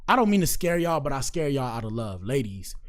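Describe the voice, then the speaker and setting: A man's voice: medium pitch, very animated, brisk, very noisy. A man hosting a casual livestream, reading viewer comments aloud and joking with his audience in slangy, direct talk.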